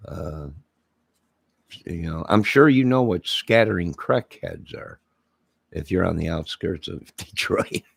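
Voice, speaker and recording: Slow, gravelly area man. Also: sits low, animated, dry recording. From Illinois, near Chicago. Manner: rambling, joking, answers viewer comments aloud. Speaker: livestream host chatting with viewers. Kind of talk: casual rambling livestream chat.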